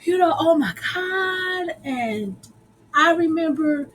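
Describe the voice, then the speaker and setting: Woman doing a squeaky excited shop owner guy. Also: slow, slight background noise, heavily acted, poor audio. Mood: overjoyed.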